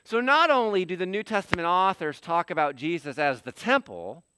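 Middle-aged male pastor, bright and crisp, animated sermon delivery. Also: sits high, normal speed. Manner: animated, acts out quoted dialogue.

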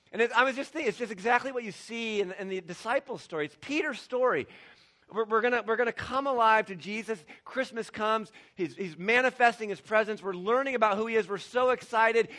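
A male pastor preaches with great animation, lurching between shouted lines and quiet ones and laughing between points. His voice is high-pitched.

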